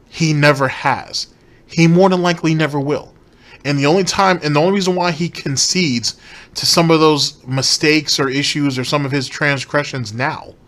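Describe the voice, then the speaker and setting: Brief: male commentator, slightly higher voice, blunt and cursing, repeats for emphasis. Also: a bit bright. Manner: blunt, profane, emphatic repetition. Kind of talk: reaction commentary.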